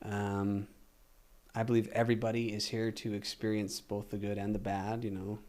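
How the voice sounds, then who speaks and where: A man's voice: fairly low pitch, flat delivery, normal speed, a little mellow. A young adult man, a podcast guest, telling a long story in a rambling way and acting out quotes. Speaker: podcast guest, singer and actor. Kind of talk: casual interview talk.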